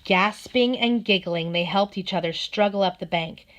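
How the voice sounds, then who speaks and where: A woman narrating a children's storybook in a gentle, steady manner. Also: mid-range voice, moderate pace, slight background noise. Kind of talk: storybook read-aloud.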